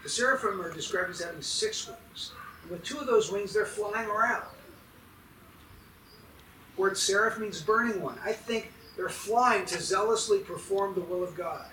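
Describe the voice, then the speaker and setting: A man's voice: high voice, moderate pace, sharp tone, reverberant, recorded from a distance, a little hiss or hum, poor audio. A man preaching a sermon as pastor, emphatic and putting questions to his congregation.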